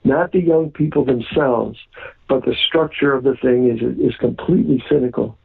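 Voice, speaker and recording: A man's voice: mid-range voice, normal speed, vocal fry, husky. A man being interviewed on the radio, talking earnestly with many ums and restarts. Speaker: guest. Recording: phone-line call-in sound.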